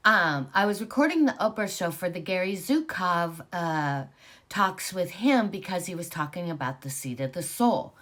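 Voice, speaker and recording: A woman in her sixties casually telling her own spiritual story, rambling with many fillers and growing animated at times. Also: fairly low pitch. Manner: rambling, filler-heavy, animated when excited.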